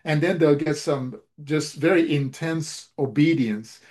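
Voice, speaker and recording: Preacher, male, slightly high-pitched, storytelling sermon that acts out dialogue, halting restarts. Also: darkish tone.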